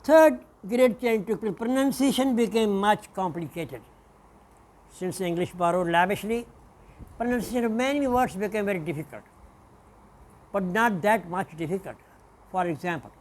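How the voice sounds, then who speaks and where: A male professor with a notably high-pitched voice gives a classroom lecture. He speaks deliberately, pausing to spell out example words letter by letter.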